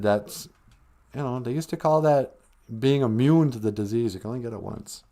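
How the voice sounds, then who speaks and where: A man's voice: medium pitch, darkish tone. A man hosting a comedy podcast, ranting in a sarcastic, mocking way. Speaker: podcast host. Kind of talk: satirical comedy rant.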